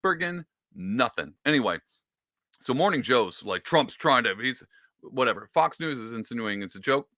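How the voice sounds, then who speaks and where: Male streamer, comic ranter, lively swinging pitch, dry close sound. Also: moderate pace, no room sound. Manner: animated, joking, rambling. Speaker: livestream host. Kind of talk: casual comedic political rant.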